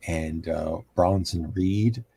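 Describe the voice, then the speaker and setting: Low gravelly dude slowly recapping wrestling, dark mellow tone. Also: male voice, a little hiss or hum. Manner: halting, many ums and restarts. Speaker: show regular giving a wrestling recap. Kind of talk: casual podcast recap.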